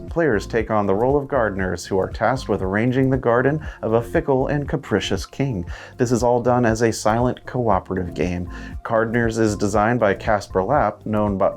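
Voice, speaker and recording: Male host for a news roundup, steady scripted read, low voice. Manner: steady read-aloud delivery.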